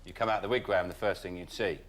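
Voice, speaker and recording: Fast-riffing low-voiced man panelist. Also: steady tone, fairly bright tone. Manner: quick, riffing, playful. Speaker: comedy panelist.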